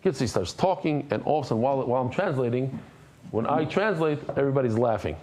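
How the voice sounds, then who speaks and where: A man teaching a daily Talmud class. He is animated, repeats phrases, stops to explain Hebrew and Aramaic terms in English, and throws in joking asides to the class. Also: medium pitch, quick pace, a little hiss or hum.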